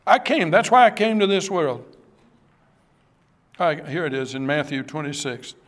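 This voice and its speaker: A man preaches an evening sermon with impassioned pleading, speaking directly to his listeners and swinging between hushed and raised tones. His voice is fairly high-pitched and his pace unhurried.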